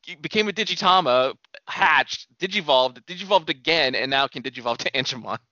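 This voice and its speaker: A young man with a slightly raised, bright voice talks in a relaxed, enthusiastic way, with casual swearing. The sound is dry and somewhat dull. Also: on the high side, a little fast, dry recording. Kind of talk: casual chat.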